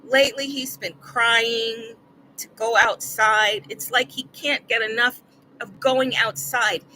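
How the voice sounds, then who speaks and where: A woman's voice: a little high, fairly even intonation, slow, pushed and bright, slight background noise, low-quality recording. An older woman vlogging, telling a personal story in an earnest, rambling way that repeats words when she gets upset.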